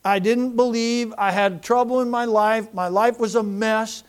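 A man's voice: sits high, steady tone, a little slow, clear, resonant tone. A middle-aged man, a pastor, preaching a sermon in a folksy, rambling way and telling personal stories.

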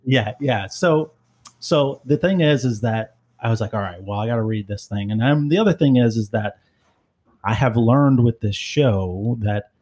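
A man's voice: medium pitch, moderate pace, a little mellow, husky. A middle-aged man hosting a podcast, talking casually and rambling with lots of fillers and self-deprecating remarks. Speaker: podcast host. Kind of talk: casual chat.

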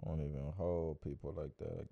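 A man co-hosting a casual podcast, blunt and animated, cutting in with opinions. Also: a bass voice, normal speed, creaky, no room sound, dull audio. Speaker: podcast co-host. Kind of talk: casual chat.

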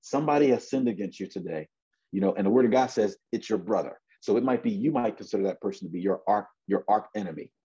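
A man's voice: lowish voice, lively intonation, fast talker, mellow, slightly rough. Conversational forty-something man preaching, lo-fi. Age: 40s. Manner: conversational, repeats words and restarts, acts out voices in Bible stories. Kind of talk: sermon.

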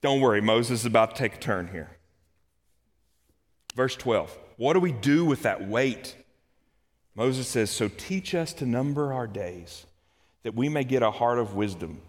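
A man preaching a sermon, swinging between hushed, slow scripture reading and loud, urgent outbursts. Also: mid-range voice, animated, long reverb tail. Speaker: pastor.

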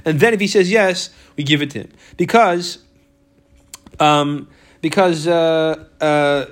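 Guy teaching talmud, yiddishy words, kinda high voice, keeps restarting his sentences. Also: takes it slowly. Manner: explains step by step, repeats words, restarts often. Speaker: Torah teacher. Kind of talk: Talmud class lecture.

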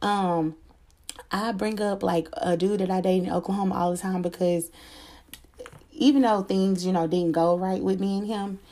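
A woman's voice: mid-range voice, steady tone, moderate pace, mellow. A woman telling a personal story to her viewers in a casual storytime chat, candid and slangy, swearing freely.

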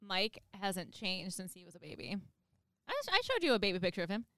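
A woman's voice: mid-range voice, sing-song, fairly quick, bright, forceful tone, no echo, studio quality. A woman from Chicago who works at a bank, chatting playfully and laughing often. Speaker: bank worker. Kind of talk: casual chat.

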